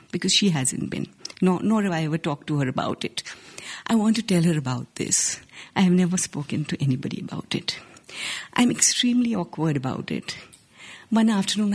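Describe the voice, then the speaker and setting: A woman in her forties from India with an Indian accent, telling a personal story live on stage in an earnest, measured way with small restarts. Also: low voice, breathy edge. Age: 40s. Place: stage before a live audience.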